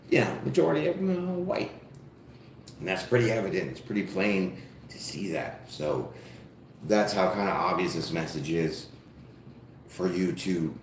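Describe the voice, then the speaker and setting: A man's voice: fairly low pitch, echoey room, a little hiss or hum. A man giving a casual live-stream tarot reading, talking straight to his viewers in a loose, profane way. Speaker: tarot reader.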